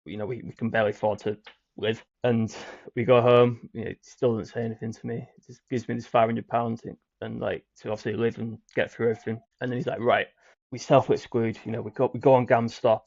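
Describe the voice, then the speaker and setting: A young British man telling his own recovery story as a guest, in a halting way with repeated words and many fillers. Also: mid-range voice, flat delivery, gravelly, a little mellow, dry recording. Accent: British English. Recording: dry, muffled audio.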